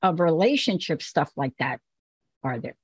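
A woman's voice: low voice, big pitch swings, normal speed, husky, dry recording. Candid New woman hosting a talk show. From the Bronx, New York. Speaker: host. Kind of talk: casual talk-show conversation.

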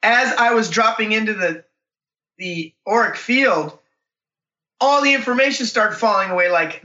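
A man telling a personal story in an animated, intense way. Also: high-pitched. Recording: roomy, distant, dull recording.

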